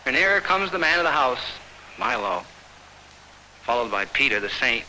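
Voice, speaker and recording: A man's voice: on the high side, very animated, moderate pace, creaky, pauses often, bright, forceful tone, a little hiss or hum, rough recording. A man narrating in a rambling, improvised, free-associating way with a loose rhythm.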